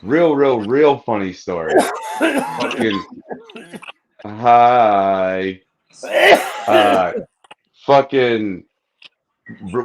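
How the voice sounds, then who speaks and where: A man's voice: medium pitch, background noise. A man co-hosting a podcast, telling profane anecdotes in casual chat. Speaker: podcast co-host.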